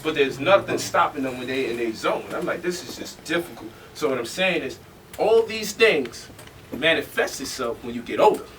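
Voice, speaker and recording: A man telling stories to a live audience in an animated, joking way, laughing often. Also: a little high, moderate pace. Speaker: speaker. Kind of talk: storytelling lecture. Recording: distant mic with faint noise.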